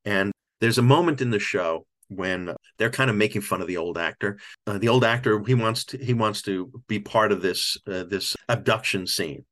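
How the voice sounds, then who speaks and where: A man's voice: fairly low pitch, moderate pace, fairly bright tone. An older man, an author, telling a heartfelt story in an interview, repeating and restarting as he gets choked up. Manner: reflective, emotional storyteller with frequent restarts. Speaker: author and podcast guest.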